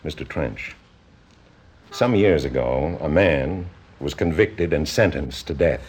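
An actor playing a calm, insistent male psychiatrist in an old film drama, speaking in a measured, persuasive, probing way. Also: very deep voice, slight background noise.

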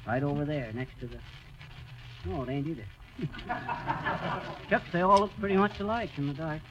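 An actor playing a bumbling, folksy husband in a 1930s radio comedy. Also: male voice, fairly high pitch, moderate pace, muffled recording, close to an everyday voice. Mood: drowsy. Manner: folksy, blustering.

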